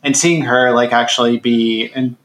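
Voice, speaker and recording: A man's voice: medium pitch, fairly even intonation, normal speed, a bit bright. A man co-hosting a casual podcast, talking hesitantly with many restarts and fillers. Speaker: podcast co-host. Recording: roomy echo.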